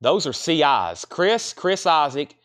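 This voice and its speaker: A man's voice: a little high, sing-song, fairly bright tone. A man hosting a live record sale, rattling off titles and prices with chatty asides. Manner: rapid-fire listing of items and prices, chatty asides. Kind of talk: live-stream auction calling.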